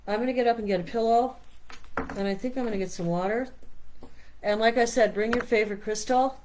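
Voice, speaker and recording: A woman's voice: on the high side, fairly quick, darkish tone, a little hiss or hum. A middle-aged woman hosting a meditation stream, chatting casually and rambling as she reads product labels aloud. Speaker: meditation host. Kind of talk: casual live-stream chat.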